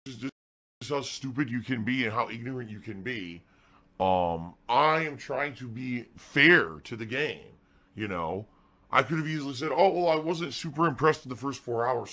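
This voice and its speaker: A man's voice: fairly high pitch, sharp tone. A man streaming games, ranting indignantly with lots of swearing and repetition. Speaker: game streamer. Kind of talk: livestream rant.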